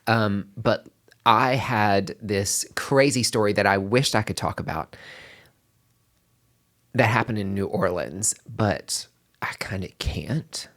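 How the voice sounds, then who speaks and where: A male podcast host in casual chat, emotional and excitable, breaking into high exclamations and trailing restarts. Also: slow pace, long pauses.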